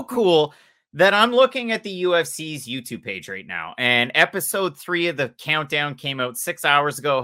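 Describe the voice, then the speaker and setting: Animated man, bright voice. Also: on the high side. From Canada. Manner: animated, joking. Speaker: podcast co-host. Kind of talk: casual podcast chat.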